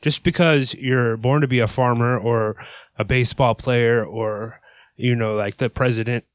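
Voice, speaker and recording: A man's voice: mid-range voice, steady tone, unhurried, dry recording. A man co-hosting a podcast in casual chat, laid-back and hesitant with dry humor. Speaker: podcast co-host.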